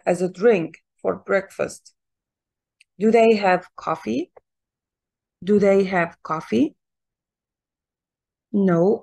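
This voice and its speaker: A woman's voice: medium pitch, creaky. A woman with an Egyptian accent teaching an English lesson, explaining patiently and repeating key points step by step.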